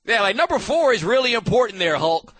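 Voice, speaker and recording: Male sports radio host, casual and animated, bright tone, dry studio sound. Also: high-pitched, brisk, dry recording. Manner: animated, riffing, frequent restarts.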